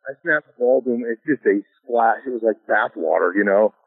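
Fairly quick and husky, with a mid-range pitch and no echo, a middle-aged man from Alaska shares stories from his days as a pro football lineman in a casual interview. He chuckles easily and fills gaps with "you know," all over a tinny, dry phone line.

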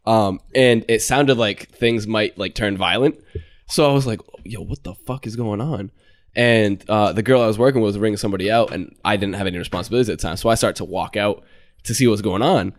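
A young man telling a work story in a relaxed casual chat, full of fillers. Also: lowish voice, fast talker.

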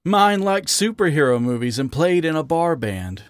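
A man's voice: fairly high pitch, big pitch swings, normal speed, no room sound, studio quality, voice pushed up. A man voicing a weary, dejected gay raccoon at a bar who mutters and grumbles.

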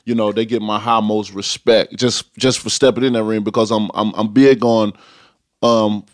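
A man's voice: lowish voice, flat delivery, normal speed, no echo, clean studio sound. A man from Alabama, a boxing champion speaking emphatically in a podcast interview and repeating his key points. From Tuscaloosa, Alabama, US.

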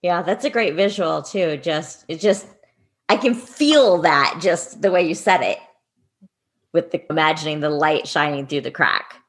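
A woman's voice: low-pitched, unhurried. Woman host, affirming interviewer, easy conversational tone. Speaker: podcast host. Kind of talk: casual podcast interview.

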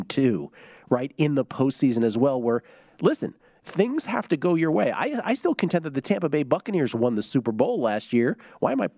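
Male sports talk host, lively rambling delivery, dry close studio sound. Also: medium pitch, no echo. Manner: animated, rambling, self-interrupting.

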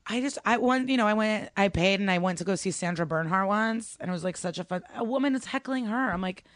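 A woman's voice: medium pitch, fast, no echo. A woman stand-up comedian telling stories in casual chat, acting out the voices of people she quotes. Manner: animated storytelling, acts out quotes.

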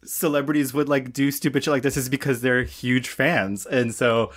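A man hosting a podcast, chatting excitably with quick asides over a video call. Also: medium pitch. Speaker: podcast host. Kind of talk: casual chat.

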